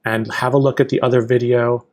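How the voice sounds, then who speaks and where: A man's voice: medium pitch, level tone, brisk. A man teaching a Hebrew reading lesson, patiently naming each letter and vowel one at a time.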